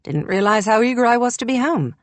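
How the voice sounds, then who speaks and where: A woman's voice: fairly high pitch, expressive, a little fast, no room sound, pitched above the performer's own voice, natural voice. A woman voicing a young man with a dry, wry way of talking.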